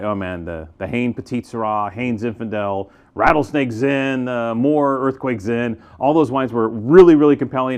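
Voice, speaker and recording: A man's voice: on the low side, a little mellow. Chatty, enthusiastic wine-shop man. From United States. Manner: chatty, enthusiastic, with filler words and restarts. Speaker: wine retailer. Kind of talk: casual wine review to camera.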